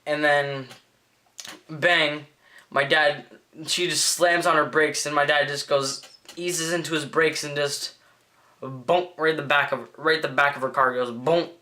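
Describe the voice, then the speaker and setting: Teen male vlogger, bright and slightly high voice, rambling and excitable storytelling. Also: measured pace. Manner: rambling, excitable, lots of "like" and restarts. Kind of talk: casual storytelling vlog.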